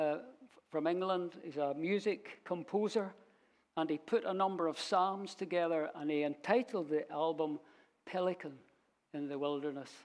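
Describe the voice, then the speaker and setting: A man teaching a Bible sermon in a church, unhurried and storytelling as he quotes verses. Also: on the high side. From Scotland. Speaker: preacher.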